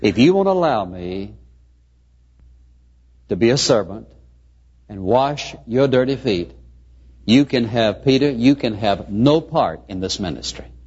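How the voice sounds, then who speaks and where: A man's voice: mid-range voice, expressive, unhurried, pauses often, darkish tone, husky, pitched below the performer's own voice. A male preacher voicing Jesus as a grave, solemn teacher giving an earnest rebuke, on a muffled lo-fi recording.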